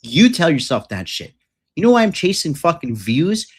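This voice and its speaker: A man's voice: fairly high pitch, sing-song, normal speed, husky. A man coaching on dating and success in a ranting monologue, profane, boastful and combative.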